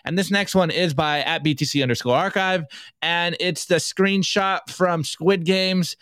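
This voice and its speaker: A man co-hosting a podcast, chatting casually and reading memes aloud in an energetic, slangy way. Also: high-pitched, dry recording. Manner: energetic, slangy, quick asides. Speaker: podcast co-host.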